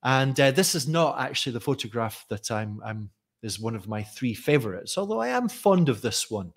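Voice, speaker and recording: A man's voice: mid-range voice, sing-song, normal speed. Chatty Scottish man talking to viewers. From Scotland. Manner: chatty, self-correcting, reads viewer comments. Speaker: teacher trainer. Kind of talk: live-streamed talk to viewers.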